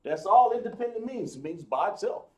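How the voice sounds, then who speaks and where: A man's voice: high voice, very animated, a little fast, darkish tone. Man, class teacher, repetitive explaining, restarts, echoey room. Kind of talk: live online class lesson.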